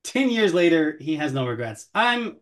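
A man's voice: on the high side, big pitch swings, moderate pace, fairly bright tone. A man co-hosting a casual podcast, talking whiskey in a sarcastic, profane and mock-threatening way. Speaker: podcast co-host, whiskey commentator.

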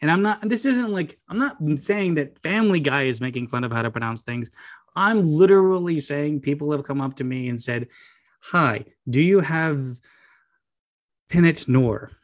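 A man's voice: on the high side, animated, fairly quick. A man on an emphatic, sardonic rant, his exasperation spilling into casual podcast talk. He hits his points hard and dryly.

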